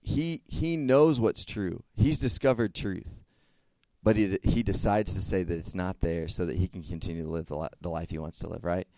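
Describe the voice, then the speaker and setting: A man's voice: low voice, fairly even intonation, brisk, mellow, no echo. Casual young man preaching. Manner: conversational, checks in with frequent "okay?". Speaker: youth speaker. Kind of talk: casual sermon.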